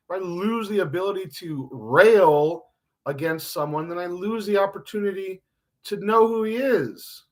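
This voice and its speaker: A man streaming a rambling solo monologue, self-mocking and swinging between mumbled asides and loud outbursts. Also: sits high, measured pace.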